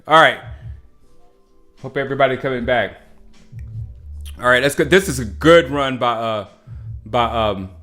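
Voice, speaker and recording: A man hosting a casual sports livestream, excitable and laughing often as he comments on clips. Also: mid-range voice, measured pace, pauses often, soft background music.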